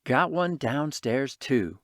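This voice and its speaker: A man voicing an energetic young orphan boy from the city who talks in excited street slang. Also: mid-range voice, takes it slowly, no echo, clean studio sound. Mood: excited, boastful.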